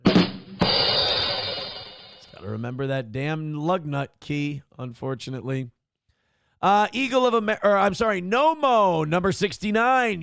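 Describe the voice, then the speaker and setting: A man hosting a live show, reading viewer messages aloud in a raised voice, then dropping into low, wry asides. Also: very animated, a little slow, gravelly, pauses often, a bit bright, soft background music. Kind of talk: casual live-stream chat.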